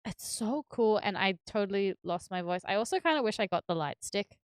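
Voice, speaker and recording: A woman's voice: medium pitch, lively intonation, fairly quick, clean tone, no room sound, clean studio sound. A woman streamer chatting casually and giggling while she builds, swearing now and then and filling her talk with fillers.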